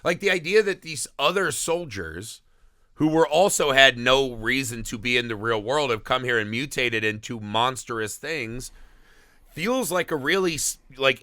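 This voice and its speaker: A man on a podcast tears into a film in rambling, profane bursts, slipping into mock voices for the characters. His tone is sharp and bright, and the recording is dry and close with no room around it. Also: medium pitch, no room sound. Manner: animated, profane, rambling with acted-out quotes. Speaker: podcast co-host. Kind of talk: casual movie review chat.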